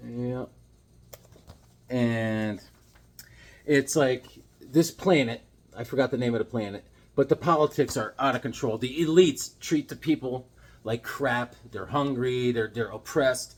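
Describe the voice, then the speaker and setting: A man's voice: medium pitch, measured pace, long pauses. A man chatting casually in a comic haul vlog, laid-back and full of slang. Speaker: comic book collector.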